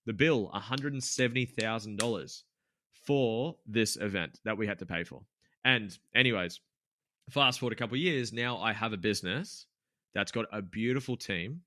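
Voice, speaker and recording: Candid young man telling a story, bright voice. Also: fairly low pitch, moderate pace, dry recording. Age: 20s. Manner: candid, swears freely, many fillers and restarts. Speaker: podcast guest, gym business owner. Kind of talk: casual storytelling interview.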